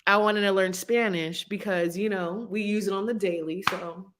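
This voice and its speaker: A woman's voice: medium pitch, steady tone, normal speed, hardly any pauses, heavy background noise. A woman hosting a casual livestream chat, giggly and scattered, rambling from thought to thought. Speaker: livestream host.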